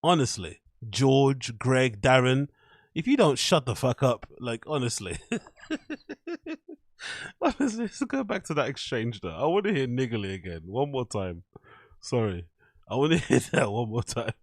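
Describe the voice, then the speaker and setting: A man with a medium-pitched, very animated but unhurried voice hosts a casual show commenting on online clips. Crude and swearing freely, he laughs a lot and chats with his live chat viewers; the studio-quality sound has no room noise.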